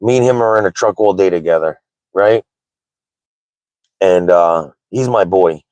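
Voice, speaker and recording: A man's voice: low-pitched, measured pace, darkish tone, smooth, no echo, low-quality recording. A man in his thirties hosting a casual livestream chat, candid and rambling, with lots of "like" and "right?". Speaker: livestream host.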